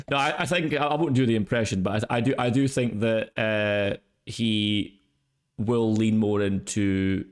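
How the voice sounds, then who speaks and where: Male podcast host, lowish voice, hesitant, restarts his sentences. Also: big pitch swings, slow. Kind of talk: casual podcast chat.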